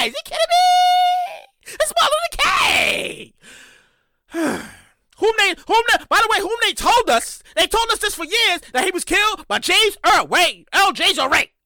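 A man hosting a solo comedy podcast, telling profane stories with frequent shouted outbursts. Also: very high-pitched, no echo, studio quality. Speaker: podcast host.

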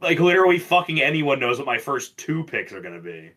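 A young man co-hosting a podcast, chatting casually in a loud, profane, animated way. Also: medium pitch, fast. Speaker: podcast co-host. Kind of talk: casual chat.

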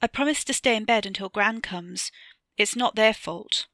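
A woman's voice: mid-range voice, moderate pace, a bit bright, no room sound, clean studio sound, close to an everyday voice. A woman reading a short story aloud, voicing a scared but defiant ten-year-old boy who gives short, defensive answers.

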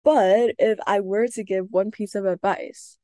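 A young woman hosting a podcast, talking earnestly about her own experience in a soft voice with hesitant restarts. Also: medium pitch, fairly even intonation, measured pace, dry recording. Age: young adult. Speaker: podcast host. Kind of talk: personal reflective podcast talk.

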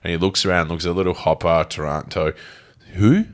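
A man's voice: sits low, level tone, fast. A man with an Australian accent in a casual sports podcast chat, cheeky and brash. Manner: cheeky, brash, swears freely. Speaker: podcast co-host.

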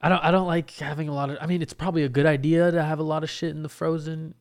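A man's voice: fairly high pitch, flat delivery, very fast, a little mellow. A young man hosting a solo podcast from his apartment, rambling in a laid-back, profane, self-mocking way. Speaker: podcast host. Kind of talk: casual solo podcast chat. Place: home apartment.

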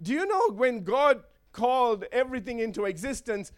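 A man's voice: very high voice, big pitch swings, moderate pace. A man preaching a sermon in a playful way, chuckling often and checking in with his listeners.

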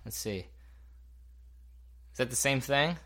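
A man co-hosting, chatting playfully with his young son and asking him gentle, coaxing questions. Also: medium pitch, slow. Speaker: co-host and father. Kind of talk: playful chat with a toddler.

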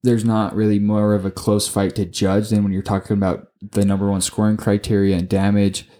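A man co-hosting a casual sports podcast, talking excitably, swearing often and tripping over his words. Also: lowish voice, brisk. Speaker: podcast co-host.

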